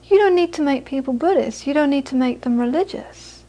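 A woman teaching Buddhism to a live audience, moving from lively anecdotal storytelling into quiet, reflective teaching. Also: high voice, brisk. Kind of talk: dharma talk to a live audience.

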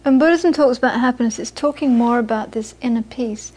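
A woman giving a Buddhist dharma talk, telling lively stories and then speaking softly about inner peace. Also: on the high side, brisk. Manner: storytelling, animated when quoting, soft and hushed on inner peace. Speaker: Buddhist teacher.

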